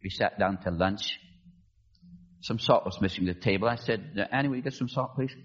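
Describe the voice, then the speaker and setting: A man preaches as a pastor at a moderate pace, his husky voice captured on a muffled recording. He tells a story dramatically in sermon style, acting out the voices of the people in it with big swings in pitch.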